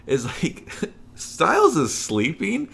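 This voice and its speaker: A man's voice: fairly high pitch, huge pitch swings, slow, vocal fry, a bit bright. A man co-hosting a casual movie review chat, swearing freely, laughing, and acting out scenes in little voices. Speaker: podcast co-host.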